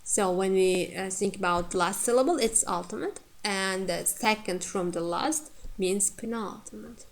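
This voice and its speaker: A woman teacher lecturing on word stress, repeating each example word and pausing on frequent fillers. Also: mid-range voice. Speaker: English phonetics teacher.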